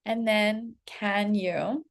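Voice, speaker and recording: Woman coach in her thirties, middle pitch with gravelly fry, blunt and chatty. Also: extremely slow. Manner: candid, heavy swearing, animated self-talk. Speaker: self-development coach. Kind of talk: casual spoken storytelling to followers.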